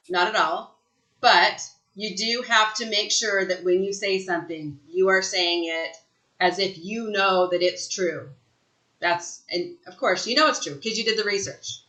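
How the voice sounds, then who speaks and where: A woman giving an energetic sales training talk, emphatic and fond of asking "right?" after her points. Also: medium pitch, roomy sound, poor audio. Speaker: real estate sales trainer. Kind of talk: live online training talk.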